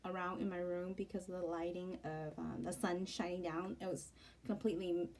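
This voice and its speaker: A woman's voice: steady tone, normal speed, a little hiss or hum. A young adult woman vlogger telling a long family story in a chatty, rambling voice-over as she plans. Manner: chatty and rambling, with many fillers and restarts; acts out family members' lines in a much higher, louder voice. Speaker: planner vlogger.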